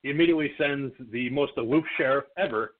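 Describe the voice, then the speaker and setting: A man's voice: mid-range voice, fast talker. A man co-hosting a podcast in casual chat, swearing freely and acting out movie characters as he recaps a film. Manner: profane, jokey, acts out movie characters. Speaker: podcast co-host. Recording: phone-like lo-fi audio.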